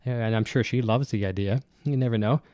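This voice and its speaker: A man with a cold breathes heavily as he talks fairly quickly in a mid-range, dark-toned voice, recorded dry on a close-up dynamic broadcast mic. He's hosting a guitar gear livestream from his home studio, reading viewer comments and chatting loosely, rambling with many fillers and restarts.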